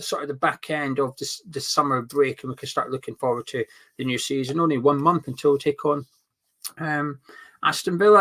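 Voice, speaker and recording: A man's voice: on the high side, fairly bright tone. A man hosting a live fan watch-along stream, chatting casually and reading out viewer comments. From not from England. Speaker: host of a fan channel.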